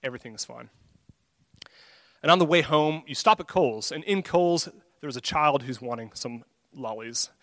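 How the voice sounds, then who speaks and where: A man's voice: mid-range voice, normal speed, pauses often, fairly bright tone, no echo. Earnest man preaching. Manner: earnest, conversational, self-deprecating, acts out inner thoughts. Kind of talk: sermon.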